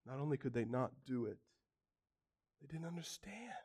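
A man preaching a sermon, acting out quotes dramatically and swinging from loud outbursts to hushed lines. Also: medium pitch, lively intonation, normal speed, breathy edge.

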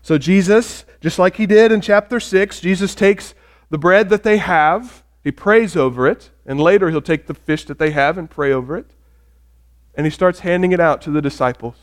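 A man preaching a sermon to a congregation, animated, asking them questions and acting out the people in the story, dropping from loud emphasis to near quiet. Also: sits high, normal speed. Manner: animated, acts out quoted voices, shifts between loud emphasis and quiet; talks with the congregation, asks questions. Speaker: pastor.

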